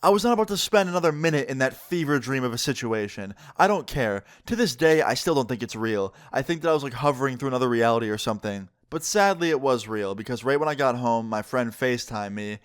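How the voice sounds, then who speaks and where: A young man chatting through a storytime for his channel, voice sitting at an ordinary middle pitch. He tells it casually and excitably, leaning on "like" as he goes. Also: fast, few pauses, clean tone. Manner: casual, excitable retelling with frequent "like". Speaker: vlogger. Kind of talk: storytime vlog.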